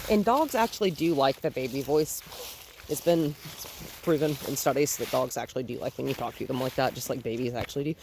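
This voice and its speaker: A young adult woman, a dog trainer, calmly explaining a training session outdoors in a park, mixing in cooing praise for the dog. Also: a bass voice, fairly quick, background noise.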